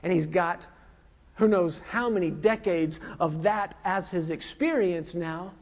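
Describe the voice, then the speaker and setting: A man's voice: high voice, a little slow. Man preaching in a reverberant hall. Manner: emphatic call-and-response questioning. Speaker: pastor. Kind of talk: sermon. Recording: dull lo-fi recording with long hall reverb.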